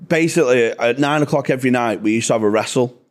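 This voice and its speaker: A man's voice: mid-range voice, quick pace. A man in his twenties with a Manchester accent, telling sweary, self-deprecating stories as a comedian guest on a casual podcast. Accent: Mancunian. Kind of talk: casual podcast chat, storytelling.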